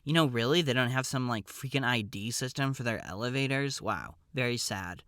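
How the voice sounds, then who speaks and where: A man's voice: medium pitch, lively intonation, moderate pace, pushed and bright, no echo, studio quality. A man hosting a podcast, telling a comedic personal story in a wry, digressive, offhand way.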